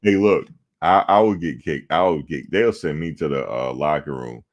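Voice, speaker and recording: A man hosting a sports talk show, telling a profane, animated story about his playing days. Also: extremely low pitch, normal speed, muffled recording, background noise. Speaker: show host. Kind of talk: casual storytelling.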